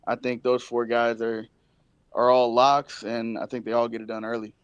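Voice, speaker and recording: A man calling in to a show, talking through his picks in a relaxed, rambling way. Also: medium pitch, moderate pace, smooth, no room sound, lo-fi sound. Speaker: caller. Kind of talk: casual chat.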